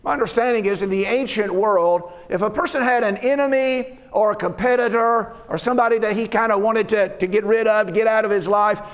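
A man's voice: high voice, brisk, hardly any pauses. A man preaching a sermon, reading verses aloud and explaining them in an earnest way, often repeating his words. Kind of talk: sermon on Scripture. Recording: long reverb of a hall.

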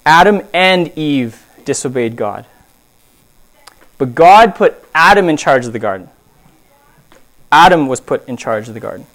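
A man preaching a sermon, telling stories in an animated way and swinging between loud emphasis and hushed asides. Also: on the high side, measured pace, pauses often.

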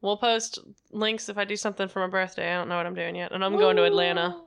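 A woman's voice: medium pitch, animated, fast talker, gravelly, clear, resonant tone. A woman co-hosting a podcast in casual chat, telling rambling, profane stories. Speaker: podcast co-host.

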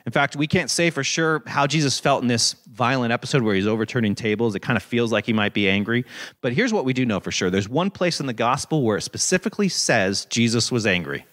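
A man preaching a sermon in an animated, conversational way, with dramatic scripture readings. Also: mid-range voice, fast. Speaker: pastor.

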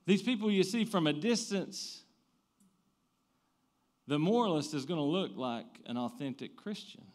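A man, preaching a sermon. He swings between loud emphatic bursts and quiet low asides, and often restarts his phrases. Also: lively intonation, measured pace. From American South. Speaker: pastor.

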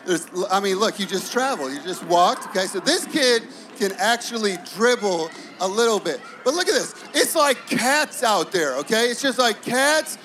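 A man in his thirties preaching a sermon, telling stories in an animated, playful way. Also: normal speed, hardly any pauses, slight background noise. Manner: animated storytelling, acts out kids in high voices. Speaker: pastor.

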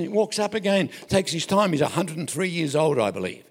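An older Australian preacher tells homespun stories with jokes and frequent self-interruptions. His somewhat high voice is gravelly and husky and swoops up and down with energy. The sound rings with a long echo, as in a large hall. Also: very animated, normal speed, hardly any pauses. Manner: folksy and joking, with self-interruptions. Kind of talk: anecdotal sermon.

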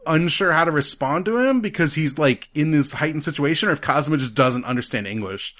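A man's voice: a little high, lively intonation, a little fast, a bit bright. A man co-hosting a casual conversation about video games, rambling and using many "like" fillers.

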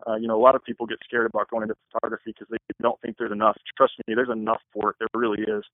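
A man's voice: lowish voice, flat delivery, very fast, no room sound. A man on a thin, phone-like line, talking in an earnest, rambling way. He answers interview questions casually as a wedding photographer. The sound is dry and close, with no room around it.

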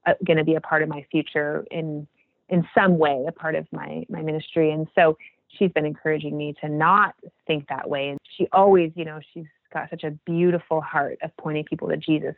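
Her low voice comes through a tinny, phone-quality line in a dry recording. She's a podcast guest in her forties, speaking sincerely and casually about faith, rambling and starting over many times.

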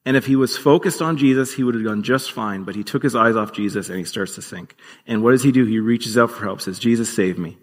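A man's voice: medium pitch, quick pace, big-room sound. A man preaching a sermon as pastor, earnest and conversational, with occasional fillers.

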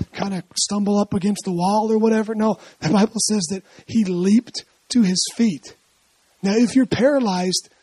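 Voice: mid-range voice, darkish tone, breathy edge, dry recording, low-quality recording. A preacher giving a conversational sermon, telling scripture stories in a chatty way and often asking rhetorical questions. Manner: asks frequent rhetorical questions; explains scripture in a chatty, storytelling way.

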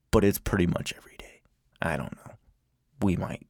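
A man's voice: deep voice, lively intonation, moderate pace, vocal fry, no room sound. Swearing man ranting in a closet studio. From lives in Portland. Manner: profane, ranting, wandering off on tangents. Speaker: podcast host. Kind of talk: casual rambling monologue. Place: small closet home studio.

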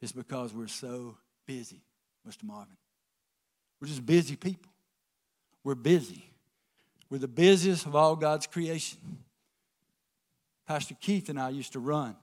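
A man preaching a folksy sermon, swinging from quiet asides to emphatic calls to the congregation. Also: medium pitch. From American South. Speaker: pastor.

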